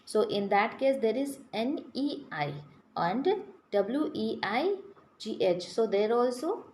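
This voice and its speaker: A woman's voice: a little high, lively intonation, slow, darkish tone. A woman teaching a grammar lesson to children, spelling words out letter by letter and asking the class questions. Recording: echoey room with faint background noise.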